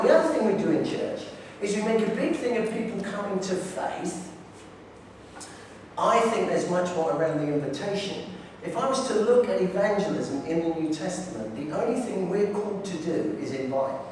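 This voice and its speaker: A man's voice: sits high, lively intonation, moderate pace, a little mellow, a little hiss or hum. A man giving a conference talk, telling stories about his neighbours in an enthusiastic, direct way. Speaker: conference speaker. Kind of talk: preaching talk with anecdotes. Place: large echoey hall. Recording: echoey hall from far off.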